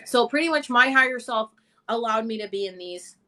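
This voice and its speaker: Bright-voiced woman chatting animatedly. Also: fairly high pitch, brisk. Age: 30s. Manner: animated storytelling, acts out inner voices. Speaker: host. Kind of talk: casual live chat.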